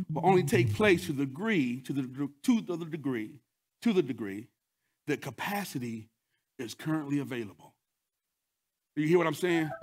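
A male pastor preaching a sermon, repeating phrases, breaking into sung lines and shouts, talking straight to the congregation. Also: on the high side. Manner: repeats words, call-and-response asides.

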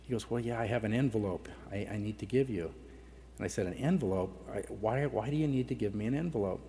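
A man's voice: lowish voice, fast talker, dark tone, slight background noise. A middle-aged man giving a heartfelt personal testimony at a conference, his voice catching with emotion now and then. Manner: emotional, voice breaking at times. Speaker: conference speaker. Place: large conference hall. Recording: long hall reverb.

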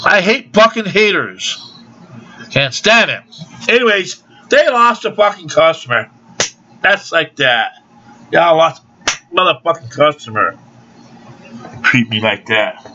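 A man's voice: on the high side, expressive, unhurried, pauses often, sharp tone, a little hiss or hum. An older man delivering a rambling, profane, aggrieved rant into a home video camera. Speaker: vlogger. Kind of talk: angry ranting monologue. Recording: dull lo-fi home video sound.

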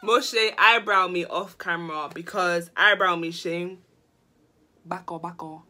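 A woman's voice: on the low side, fairly even intonation, a little slow, sharp tone. A young woman, laughing often as she talks through a makeup tutorial in a casual vlog. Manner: giggly, mixes Yoruba and English. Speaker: vlogger.

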